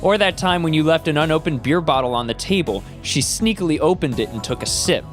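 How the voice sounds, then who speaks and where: A hesitant, wistful young woman , read aloud by a man. The voice is a little high for a man, with faint game music under it. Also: expressive, fairly quick, natural voice. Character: young woman, anxious, sister of the dead girl.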